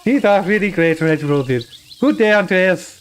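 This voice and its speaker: Brief: a male streamer putting on a balding middle-aged man, shaky fake German accent, pitched up. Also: lively intonation, smooth. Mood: cheery. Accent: fake German over British. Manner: halting, laughing through a faltering put-on accent.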